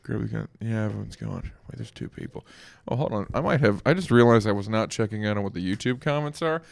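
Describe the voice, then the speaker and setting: A man's voice: fairly low pitch, expressive, fast talker, vocal fry, dry recording. A man from the American Midwest hosting a late-night comedy chat, teasing his guest, laughing often and swearing freely. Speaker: podcast host.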